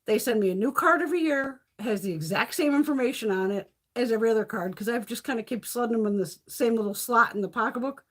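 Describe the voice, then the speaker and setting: A woman's voice: on the high side, quick pace, hardly any pauses. A woman hosting a casual beauty livestream from her phone, telling stories full of swearing and laughter. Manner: profane, laughing storyteller.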